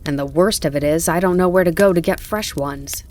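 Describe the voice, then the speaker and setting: A woman reading the part of a soft-hearted male gardener in an audiobook, speaking low and pleading. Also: fairly quick, lightly acted. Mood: rueful. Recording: faint crackling campfire behind.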